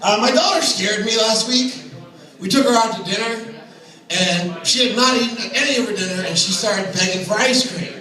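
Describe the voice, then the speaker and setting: A man's voice: sits high, moderate pace, pushed and bright. A young man doing open mic stand-up comedy, telling self-deprecating stories with chatty asides. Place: small comedy venue with audience. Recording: echoey room recorded from far off.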